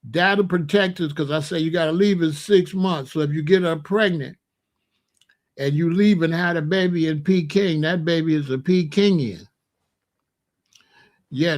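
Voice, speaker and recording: A man hosting a casual monologue, talking in a loose, joking, rambling way. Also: on the high side. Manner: loose, joking and rambling, laughs at own jokes. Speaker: host.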